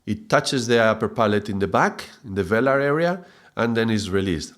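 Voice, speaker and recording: A man teaching a mantra chanting lesson, patiently explaining sounds and chanting drawn-out syllables. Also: lowish voice, lively intonation.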